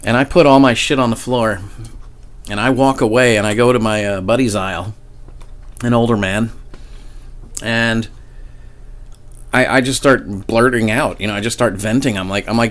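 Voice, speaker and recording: A man's voice: medium pitch, fairly even intonation, moderate pace, pauses often. A man casually telling a personal paranormal story in a rambling, profane way, often restarting his sentences. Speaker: vlogger.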